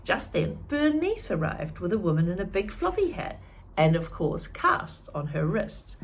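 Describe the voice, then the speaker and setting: Expressive woman reading a storybook aloud. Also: on the low side, slight background noise. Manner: expressive, pauses to comment to listeners. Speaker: teacher reading a chapter book aloud.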